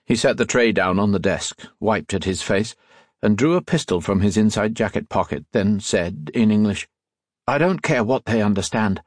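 A man narrating an audiobook in a measured, steady storytelling manner, close to the mic. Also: on the low side, no echo. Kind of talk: scripted narration.

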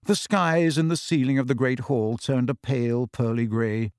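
A man reading a story aloud as narrator in a measured storytelling way. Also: medium pitch, steady tone, a little mellow, no room sound, studio quality. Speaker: audiobook narrator. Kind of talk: scripted narration.

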